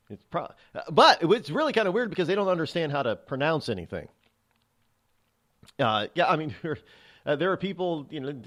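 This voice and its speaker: A man's voice: a little high, fairly bright tone. A man hosting a show, talking in a rambling, chatty monologue with frequent restarts. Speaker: radio show host. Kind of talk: casual monologue.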